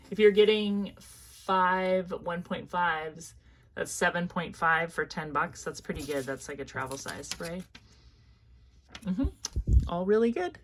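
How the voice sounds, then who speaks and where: A woman's voice: fairly low pitch, fairly bright tone. Chatty Midwestern woman reviewing perfumes. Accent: Midwestern American. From American Midwest. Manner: chatty, thinking aloud, lots of fillers. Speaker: fragrance reviewer. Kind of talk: casual product review.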